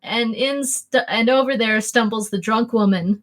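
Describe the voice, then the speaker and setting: A young woman narrating a tabletop game as game master. Her speech is loose and rambling, full of fillers and restarts, in a slightly high voice. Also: measured pace.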